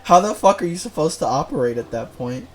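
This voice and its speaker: A man's voice: fairly high pitch, expressive, a little fast, faint music behind. A man streaming a game, rambling and joking in casual commentary and swearing freely.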